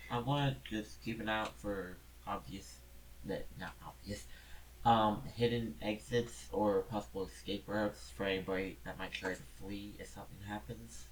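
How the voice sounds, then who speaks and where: A man's voice: fairly low pitch, steady tone, moderate pace, slight background noise, low-quality recording. A man playing a tabletop game who talks hesitantly, with ums and self-corrections. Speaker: player. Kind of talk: casual tabletop play.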